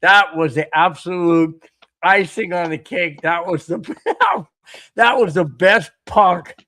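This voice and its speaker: Man, sports podcast co-host, bright voice, fairly high, keeps laughing. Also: takes it slowly. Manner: laughs often, excitable, reads chat comments aloud. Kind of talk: casual sports podcast chat.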